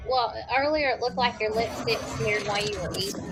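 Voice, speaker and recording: Woman co-host, soft quick asides, higher voice, heavy background noise. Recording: loud background noise, off-mic.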